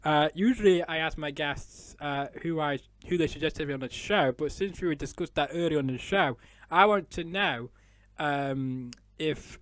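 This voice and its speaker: A man's voice: a little high, a bit bright, dry recording. A man from England hosting an interview show, chatting casually with many fillers and restarts. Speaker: podcast host.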